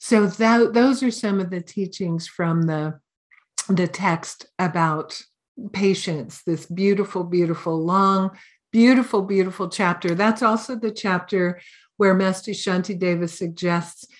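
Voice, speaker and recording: A woman's voice: lowish voice, unhurried. Woman giving a casual dharma talk. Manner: conversational, animated storytelling with casual fillers. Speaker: Buddhist teacher.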